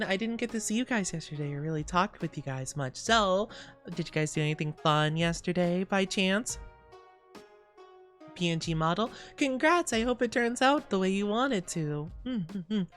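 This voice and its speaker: With soft background music behind her, this VTuber streamer chats casually and reads chat live, giggling and rambling, her voice a bit scratchy today. She speaks at medium pitch and a moderate pace, animated and fairly bright in tone.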